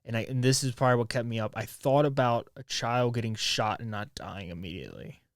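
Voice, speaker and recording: Brisk and medium-pitched, a man in his twenties holds forth alone on his podcast, candid and rambling, with many restarts and swear words. The clean studio sound has no echo.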